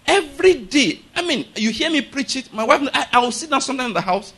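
A middle-aged pastor preaching with a high, bright voice. He talks in an emphatic way, often stopping to ask the congregation if they follow him. He repeats his points firmly. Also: big pitch swings, fairly quick, hardly any pauses, breathy edge. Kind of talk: sermon.

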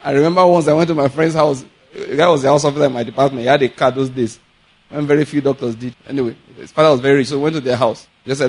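A Nigerian man preaching a sermon, telling stories in a lively way, laughing often and mixing in pidgin. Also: medium pitch, racing, slightly rough. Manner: animated storytelling, laughs often, mixes in pidgin. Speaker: pastor.

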